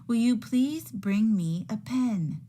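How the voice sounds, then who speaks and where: A patient rabbit father from a children's storybook, firm and insistent, read by a woman. He speaks slowly with lively pitch swings. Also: slight background noise.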